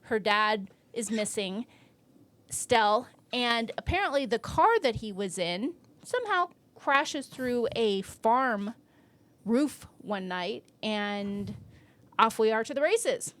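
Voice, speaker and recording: A woman's voice: a little high, expressive, takes it slowly, fairly bright tone. A woman co-hosting a movie podcast in casual chat, recapping the plot loosely with restarts. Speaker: podcast co-host.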